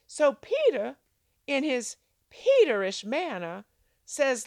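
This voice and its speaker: A woman's voice: big pitch swings, slow pace, no echo. A woman teaching a devotional Bible lesson, telling the story dramatically and asking her listeners rhetorical questions. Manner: acts out quoted lines with big pitch jumps. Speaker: Christian devotional speaker.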